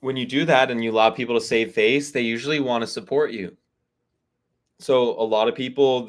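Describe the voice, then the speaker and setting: Candid man giving advice on a call. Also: medium pitch. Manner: candid, conversational, acts out quoted dialogue. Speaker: spiritual reader and community host. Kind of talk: live online call, casual advice talk. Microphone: video call.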